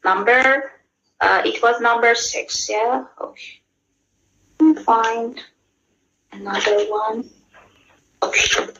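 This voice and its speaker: A woman's voice: fairly high pitch, fairly even intonation, slow pace, creaky, pauses often, sharp tone, lo-fi sound, slight background noise. A woman with a Persian accent teaching an English exam class, explaining patiently and checking in with her students often. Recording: echoey room.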